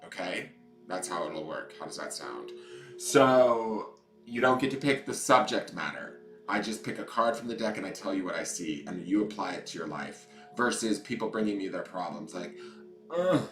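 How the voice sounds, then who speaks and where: A man's voice: on the low side, fairly bright tone, roomy sound. A man hosting a casual tarot live stream, chatting in a playful, campy way and greeting viewers by name. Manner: playful, campy, joking asides. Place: indoors at home.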